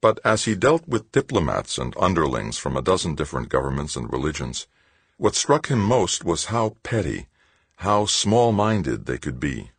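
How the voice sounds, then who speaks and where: Male audiobook narrator, extremely deep, husky, measured scripted narration. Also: big pitch swings, no room sound.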